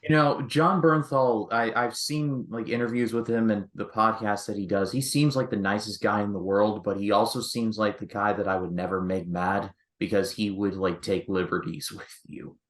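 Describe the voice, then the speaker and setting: A man's voice: fairly low pitch, fairly even intonation, moderate pace, hardly any pauses. A man co-hosting a casual film discussion, making wry, joking asides. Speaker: film review co-host. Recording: echoey room.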